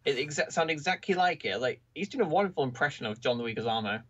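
A man's voice: fairly high pitch, lively intonation, fast, fairly bright tone. A man guest on a podcast, chatting casually about a film with chuckling, dry interjections. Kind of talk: casual film review chat.

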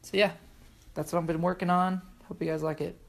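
A man talks viewers through a project of his in a casual video update, relaxed and chatty. His voice sits a bit high for a man. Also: fairly quick, gravelly, slight background noise. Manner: relaxed, casual explaining with fillers. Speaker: artist showing his work.

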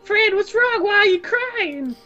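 A man voicing a gentle, kindly male talking cat who soothes and reassures in a soft voice while reading game dialogue. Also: extremely high pitch, expressive, unhurried, lo-fi sound, soft background music, heavily acted. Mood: comforting.

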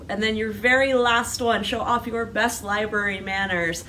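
A woman's voice: mid-range voice, measured pace, hardly any pauses, distant mic, background noise. A woman who is a children's librarian hosting a virtual storytime. She talks and sings playfully to young listeners and then reads a picture book aloud. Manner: animated, playful, sings a call-and-response song.

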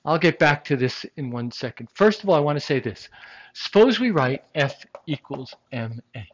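A science lecturer giving a classroom lecture, animated and emphatic, with rhetorical questions and jokes. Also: medium pitch, normal speed, dull audio.

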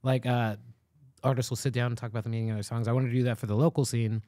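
A man hosts a casual podcast chat, rattling off animated stories at a quick clip and swearing freely. His voice sits dry and close to the mic. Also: medium pitch, no room sound. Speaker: podcast host.

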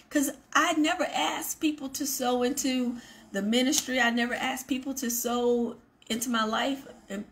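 A woman with a high, slightly bright voice speaks at normal speed with fairly even intonation over slight background noise. She hosts a ministry show, giving her viewers an earnest devotional talk, repeating points for emphasis and adding asides to the audience.

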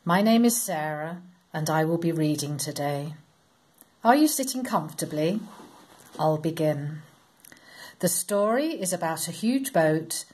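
A woman reading a Bible story aloud to children, in a slow, expressive, sing-song storytelling manner. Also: deep voice.

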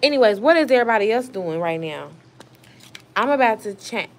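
A woman's voice: on the high side, animated, a little fast. A young woman hosting a casual live stream outdoors, reading chat aloud and answering, blunt and swearing freely. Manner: blunt, swears freely, talks back to trolls. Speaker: livestream host reading chat. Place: outdoors at home, evening.

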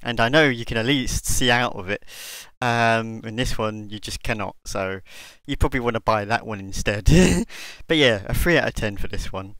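A man's voice: fairly low pitch, moderate pace, fairly bright tone, no echo, poor audio. A man giving a casual product review of a costume mask, rambling and hesitant, with many fillers and restarts.

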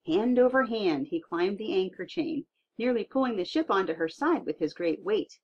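Woman reading a storybook, voice swings up and down a lot, a bit husky, dull lo-fi sound. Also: medium pitch, normal speed. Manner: lively expressive read-aloud. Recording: dull lo-fi recording.

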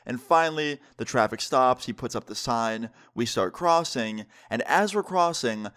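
A young man narrating a casual storytime vlog, animated and emphatic, with casual slang. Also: mid-range voice, normal speed. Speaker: vlogger telling a story.

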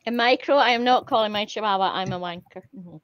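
A woman's voice: medium pitch, quick pace, dry recording, highs cut off. A Scottish woman chatting crudely and giggling while reading party game prompts aloud on a stream. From Scotland.

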